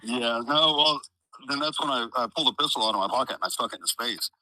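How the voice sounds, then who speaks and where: A man's voice: medium pitch, fast, pushed and bright, dry recording, rough recording. A man with a Midwestern American accent telling a story in an interview, rambling with lots of fillers, swearing freely and acting out what people said. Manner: profane, rambling, uses many fillers; acts out quoted dialogue. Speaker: interviewee, trial witness.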